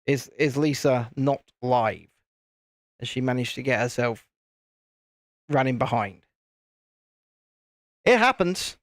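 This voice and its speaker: A man's voice: medium pitch, lively intonation, takes it slowly, long pauses, no echo, studio quality. A British man casually chatting and rambling with jokes while hosting a live building stream. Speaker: livestream host.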